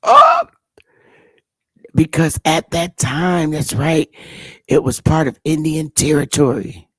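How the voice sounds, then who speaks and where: A woman hosting a casual livestream, talking bluntly with profanity and excited exclamations. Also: sits low, unhurried, slightly rough, dry recording. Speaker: livestream host.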